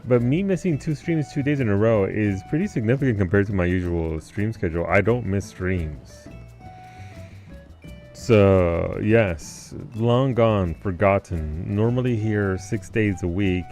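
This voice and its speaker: A man's voice: lowish voice, unhurried, a little mellow, soft background music. A man live-streaming who chats casually with his viewers, laid-back, greeting people by name and swearing now and then. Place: home basement.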